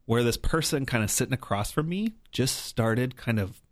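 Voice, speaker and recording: A man's voice: mid-range voice, lively intonation, moderate pace, no echo. A man telling a personal story as a podcast guest, earnest and reflective, often checking in with "right?". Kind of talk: conversational storytelling.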